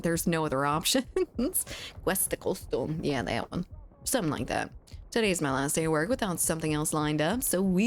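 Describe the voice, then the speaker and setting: A woman's voice: low-pitched, slight background noise. A woman streamer chatting casually and reading viewer messages aloud, giggling often, at a desk mic at home. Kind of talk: casual chat reading live chat.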